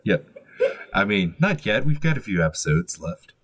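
A man hosting a tabletop game as its game master, telling a horror scene in slow, hushed narration that drops to a murmur. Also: lowish voice, very animated, slight background noise.

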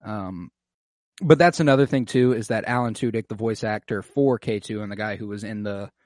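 A man's voice: lowish voice, normal speed, darkish tone, no room sound, clean studio sound. A young man casually recapping an episode on a podcast, acting out characters' lines in a raised voice. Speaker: podcast co-host recapping a TV series. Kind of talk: casual chat.

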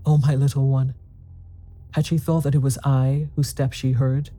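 Storyteller: man, very dark warm tone, tense first-person ghost story reading. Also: medium pitch, little pitch movement, moderate pace, faint music behind.

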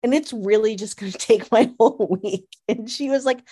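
A woman in casual fan chat, an animated storyteller who laughs often and fills her talk with "like.". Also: on the high side, normal speed, hardly any pauses, breathy edge. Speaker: podcast co-host.

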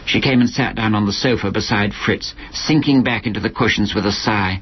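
A man reading aloud from his own book in a dry, measured storytelling manner. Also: fairly low pitch, husky. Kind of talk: literary reading. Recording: lo-fi archival recording with faint hiss.

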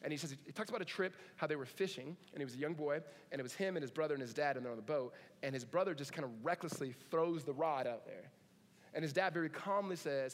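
A man's voice: a little high, fairly quick. Casual preaching man in a reverberant hall. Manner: casual, joking asides, animated. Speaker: pastor. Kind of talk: sermon.

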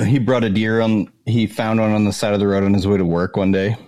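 A man from Maine telling lively, profanity-laced stories in casual chat. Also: lowish voice, a little fast, no room sound, clean studio sound. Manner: animated storyteller, swears freely, laughs often.

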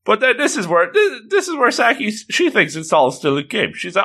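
A man narrating an anime story as casual commentary, with animated, joking asides. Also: sits high, moderate pace, hardly any pauses, slightly rough.

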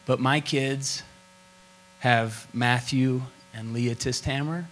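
A man's voice: mid-range voice, slow pace, low-quality recording. A middle-aged man from Oklahoma preaching a sermon as pastor, with an emphatic, repetitive cadence.

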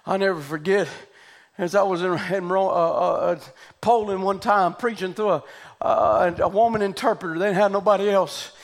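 A man preaching a revival sermon, fervent and shouting out hallelujahs as he prays over the congregation. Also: sits high, steady tone, normal speed. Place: church building with congregation.

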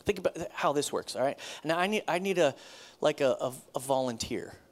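A man, a pastor, preaching a sermon in a conversational, animated way, often repeating himself. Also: on the high side, fairly quick.

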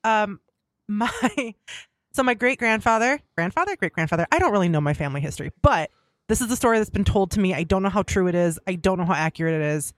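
A woman's voice: medium pitch, animated, quick pace, dry recording, studio quality. Chatty self-deprecating woman guest. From Rust Belt, United States. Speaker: podcast guest. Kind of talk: casual interview chat.

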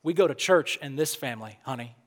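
A man voicing his mother, a sweet mom with a Southern accent coaxing her son to church, soft and drawn out. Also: mid-range voice, animated, a little fast, pitched below the performer's own voice. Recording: long hall reverb.

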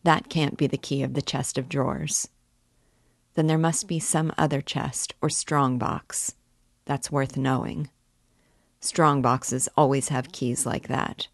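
A woman's voice: very deep voice, fairly even intonation, slow, vocal fry, no echo, clean studio sound, heavily acted. A woman reading a novel aloud, voicing a poor, troubled young man who is tense and secretive, muttering his thoughts.

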